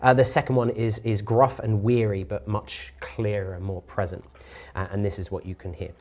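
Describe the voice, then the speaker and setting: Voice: deep voice, level tone, normal speed, darkish tone. A game master narrating a tabletop game in an explanatory way, with frequent fillers.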